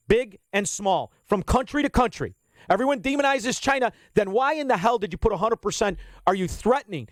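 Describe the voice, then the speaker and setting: A man's voice: high-pitched, no echo, studio quality. A middle-aged man hosting a radio talk show, ranting bluntly and combatively with plenty of swearing. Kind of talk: opinionated talk radio monologue. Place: radio studio.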